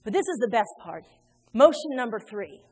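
A woman's voice: a little high, very animated, moderate pace, darkish tone, slightly rough, faint music behind. A woman preaching a sermon in a church, emphatic, acting out the people she quotes. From Indiana. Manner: emphatic, acts out quoted voices. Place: church sanctuary. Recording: long hall reverb.

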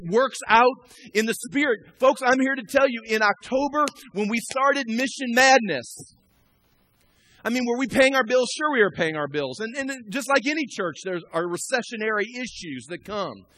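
Male pastor in church: high voice, chatty sermon with questions to the room, swells to loud emphatic preaching. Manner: conversational, asks the congregation questions, builds to loud emphatic preaching. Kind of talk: live sermon. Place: church sanctuary.

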